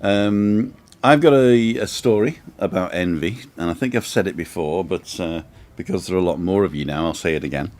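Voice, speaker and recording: A man's voice: deep voice, moderate pace, few pauses, a little mellow. A man, hosting a live show from a sunny outdoor balcony and telling a rambling, chatty anecdote full of asides. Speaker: host. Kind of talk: casual storytelling on a live show.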